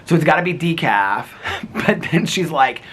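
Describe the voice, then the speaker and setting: A man's voice: on the high side, lively intonation, normal speed, fairly bright tone, a little hiss or hum. A middle-aged man vlogging in a rambling casual chat, laughing often as he talks.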